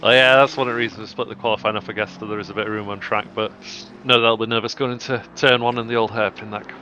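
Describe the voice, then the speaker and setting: A man co-commentating on a live race stream, explaining things in a measured, slightly halting way. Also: lowish voice, steady tone, sharp tone, highs cut off, a little hiss or hum.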